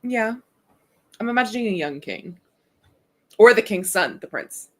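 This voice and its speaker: Woman, husky voice, lively sing-song pitch, playful chatty streamer. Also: a little slow. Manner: giggly, playful, reads chat names aloud. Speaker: streamer co-host. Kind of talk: casual chat on a writing stream.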